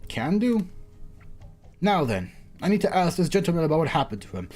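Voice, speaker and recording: Give me a stern, formal female judge read by a man from a game story, lower than his own voice. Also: big pitch swings, a little fast, darkish tone, faint music behind.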